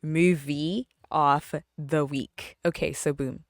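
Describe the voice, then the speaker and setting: A woman's voice: deep voice, steady tone, slow pace, over loud music. A young woman hosting a casual solo podcast, bubbly and chatty, laughing often and repeating words for emphasis. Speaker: podcast host.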